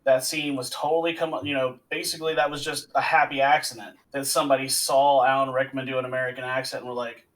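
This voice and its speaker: A man co-hosting a movie podcast, sharing behind-the-scenes stories in easy, casual chat. His voice sits at a middle pitch. He sounds a little distant from the microphone. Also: level tone, quick pace, few pauses. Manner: storytelling, explains with trivia. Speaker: podcast co-host.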